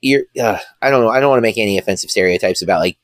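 A man's voice: lowish voice, very fast, dry recording, clean studio sound. A man co-hosting a casual film review podcast, rambling and thinking aloud as he goes. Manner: rambling, many fillers and restarts.

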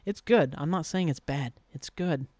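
A man's voice: on the high side, moderate pace, darkish tone, no room sound, studio quality. A man hosting a solo podcast, rambling in casual chat with lots of "like" and easy swearing, recorded at his home desk. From Southern Ohio. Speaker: podcast host.

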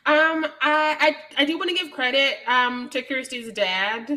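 Woman, high voice, bright tone, casual podcast chat, laughs a lot. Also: a little slow. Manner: laughs often, acts out characters in mock voices. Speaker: podcast co-host. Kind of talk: casual movie review chat.

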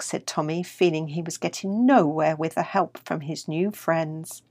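An older woman, the author, reading her children's story aloud in a calm, even way. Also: low voice, moderate pace, few pauses, no echo, studio quality.

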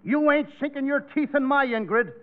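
A man in a 1940s radio comedy, excitable and wisecracking. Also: very high voice, normal speed. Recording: muffled 1940s radio broadcast with hiss.

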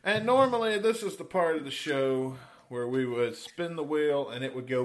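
A man's voice: fairly high pitch, normal speed, few pauses, roomy sound. A man hosting a podcast, dry and blunt, leading segments and signing off. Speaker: podcast host.

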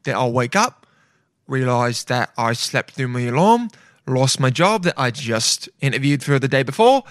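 A man's voice: medium pitch, very animated, moderate pace, a bit bright, no echo, studio quality. A young man hosting his own podcast, rambling casually and swearing a lot, tossing in "okay?" and "dude" as he goes. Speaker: podcast host. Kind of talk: casual solo podcast rant.

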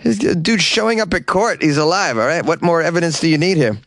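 A man with a raspy voice, a comedian hosting a news podcast, who reads odd stories and adds wry, incredulous jokes. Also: fairly high pitch, a little fast, fairly bright tone, dry recording. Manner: wry, incredulous, joking asides. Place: small closet. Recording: dry closet recording.

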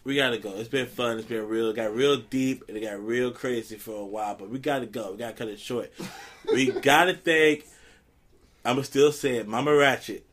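A man hosting a podcast, chatting casually and telling a funny story, jumping high when he quotes people. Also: fairly quick. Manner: animated storyteller, jumps high when quoting. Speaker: podcast host.

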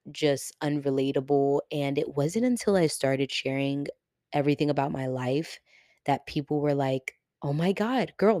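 A woman's voice: sits low, no echo, studio quality. A young woman hosting her own podcast, talking casually and animatedly, full of "like" fillers and swearing, getting emotional. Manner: animated, chatty, heavy use of "like" and swearing. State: getting emotional, near tears. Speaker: podcast host. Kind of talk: casual solo podcast monologue.

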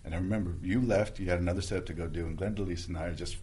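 A man, an actor, chatting casually and telling lively stories, acting out quoted lines. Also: very fast, slight background noise. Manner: animated storyteller, acts out quotes in a high voice. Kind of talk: casual chat.

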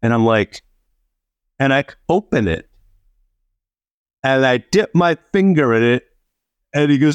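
A man's voice: a little high, unhurried, long pauses, no echo, studio quality. A man co-hosting a podcast, telling a story in casual chat, laughing often and acting out what people said. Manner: animated, laughing storyteller, acts out quotes. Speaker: podcast co-host.

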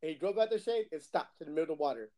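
A man chatting casually on a podcast, telling lively gaming stories and mimicking other players' voices. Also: on the high side, rapid-fire, background noise. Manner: animated storyteller who acts out other players' voices and swears. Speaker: podcast co-host. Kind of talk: casual chat, storytelling.

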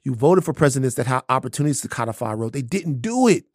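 A man's voice: medium pitch, lively intonation, fast talker, a little mellow, breathy edge, no echo, clean studio sound. A man co-hosting a podcast, making his points emphatically and repeating lines for stress. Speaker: podcast co-host. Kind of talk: casual chat.

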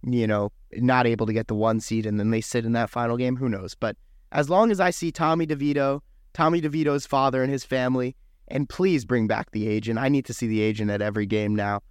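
A man's voice: mid-range voice, steady tone, brisk, clean tone, dry recording, studio quality. Laid-back young man, wry podcast chat. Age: young adult. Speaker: podcast co-host. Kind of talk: casual sports podcast chat.

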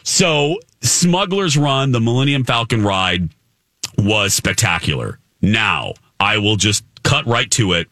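A man telling an animated story on a talk show, excitable and acting out the voices of the people in it. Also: on the low side, slow, no room sound, studio quality. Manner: excitable, acts out voices in his stories.

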